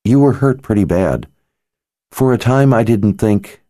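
A man's voice: on the low side, expressive, measured pace, warm tone, dry recording, clean studio sound, pitched above the performer's own voice. A man voicing an earnest, worried young female sorceress healer, speaking in a pleading manner. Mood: cautious.

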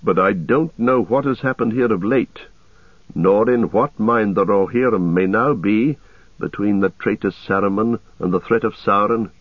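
A weary but steady ranger leader, as a male reader voices him, low, calm and measured, grave in every word. Heard thin and tinny through a dry, phone-like radio sound. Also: husky, dry recording.

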